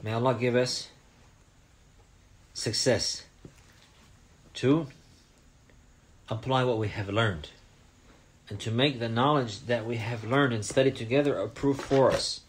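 Gentle man teaching young children. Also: medium pitch, measured pace, long pauses. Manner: asks questions, checks in with "huh?". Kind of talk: storytelling lesson for children.

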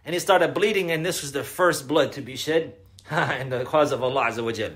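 Bright-voiced man giving an emphatic lecture. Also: mid-range voice, brisk. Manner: emphatic, repetitive, asks the audience questions. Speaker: Islamic lecturer. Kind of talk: religious lecture.

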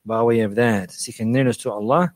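Male Islamic lecturer, brisk delivery, repetitive emphatic phrasing, dry close sound. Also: medium pitch, steady tone, dry recording. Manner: repeats phrases for emphasis, mixes in Arabic phrases. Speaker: Islamic preacher and teacher. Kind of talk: religious lecture.

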